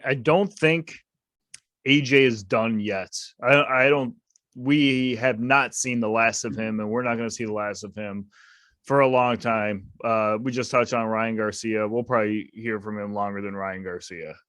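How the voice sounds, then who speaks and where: A man's voice: lowish voice, fairly even intonation, a little slow, a bit bright, no room sound. A man co-hosting a casual boxing podcast, opinionated and emphatic, repeating his points to drive them home. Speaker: podcast co-host.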